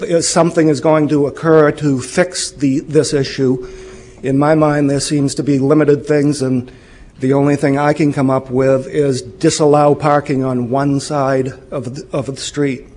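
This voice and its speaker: Guy at a council mic, calm and measured, middle-pitched voice, just laying out his complaint. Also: slight background noise. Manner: measured, plain-spoken complaint. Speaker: resident speaking at public comment. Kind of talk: public comment at a council meeting.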